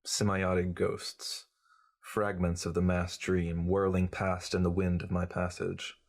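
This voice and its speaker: A man reading a short story aloud in a measured, wry first-person narration. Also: sits low, monotone. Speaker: reader. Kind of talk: audiobook narration.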